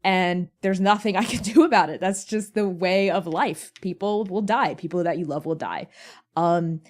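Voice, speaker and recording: A woman's voice: on the low side, moderate pace, a little mellow. A woman speaking on a convention panel in a casual, earnest way, full of "like" fillers. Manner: chatty, frequent "like" fillers, earnest.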